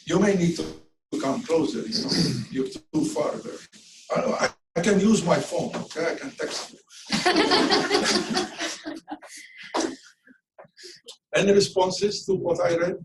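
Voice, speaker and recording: A man's voice: sits high, big pitch swings, takes it slowly, long pauses, roomy sound, distant mic, noisy background. An older man from Malta giving an academic talk, reading his poem and questioning the audience in a lecturing manner.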